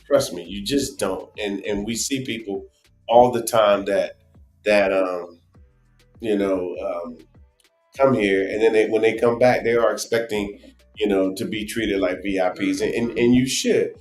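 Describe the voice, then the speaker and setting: A man with a New Jersey accent co-hosting a casual travel live stream, rambling and animated with lots of restarts. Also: fairly low pitch, unhurried, reverberant, faint music behind. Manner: animated, rambling, many restarts and "you know". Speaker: travel show co-host.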